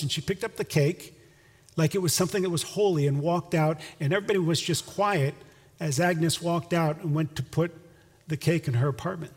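A man's voice: on the high side, a bit bright, long reverb tail. A male pastor preaching a sermon, telling a story and then leading an earnest prayer.

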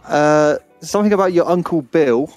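A man's voice: a little high, normal speed, a little mellow, no room sound, soft background music. A man co-hosting a casual podcast, teasing and asking lots of questions. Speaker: podcast co-host. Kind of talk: casual chat.

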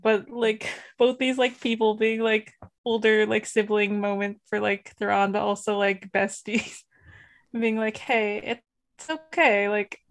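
A woman in casual chat, giggly and halting, saying like a lot. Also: medium pitch, level tone. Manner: giggly, halting, full of likes.

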